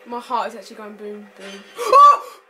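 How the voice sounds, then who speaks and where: A woman's voice: medium pitch, flat delivery, brisk. A young woman chatting while playing a horror game with friends, scared and jumpy, breaking into screams and nervous laughter. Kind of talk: casual let's-play chat. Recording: noisy home recording.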